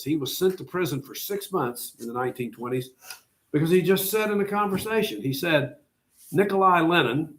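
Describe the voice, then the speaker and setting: A middle-aged man with a medium-pitched, fairly bright voice teaches a history class. He lectures conversationally, poses rhetorical questions, and tells his students what to write down in their notes.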